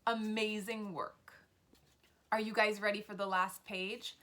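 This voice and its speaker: A woman teaching an early reading lesson to preschoolers, speaking slowly and clearly with encouragement. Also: medium pitch, level tone, sharp tone. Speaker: pre-k teacher.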